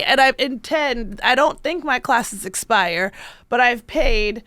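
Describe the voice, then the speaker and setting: A woman hosting a podcast, telling stories in an expressive, laughing, casual chat. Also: a little high, measured pace, clear, resonant tone, dry recording. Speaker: podcast host.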